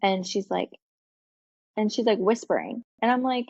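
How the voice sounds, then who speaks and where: A woman co-hosting a podcast, telling a long casual story full of "like" and "um" and quick laughs. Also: medium pitch, creaky, a little mellow, no room sound, lo-fi sound. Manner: chatty storytelling with frequent fillers and laughs. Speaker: podcast co-host. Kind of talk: casual chat.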